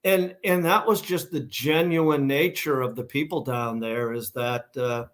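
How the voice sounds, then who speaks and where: A middle-aged man with a Boston accent talks as an interview guest. He tells his stories in a loose, rambling way, full of fillers and restarts, at an everyday mid pitch. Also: steady tone, measured pace. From Massachusetts, USA. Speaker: guest, shoe company founder. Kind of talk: casual storytelling interview.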